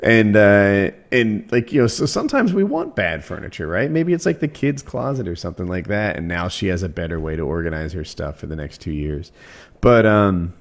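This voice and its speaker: A man's voice: on the low side, very animated, moderate pace, gravelly. A man on a podcast, explaining his views on furniture in a matter-of-fact, conversational way. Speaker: podcast host. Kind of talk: casual chat.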